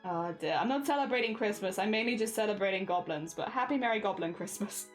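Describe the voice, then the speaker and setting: Giggly, lively woman streamer. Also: medium pitch, fast, over music. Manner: giggly, rambling, often laughing. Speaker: livestreamer. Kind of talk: casual chat with viewers while crafting.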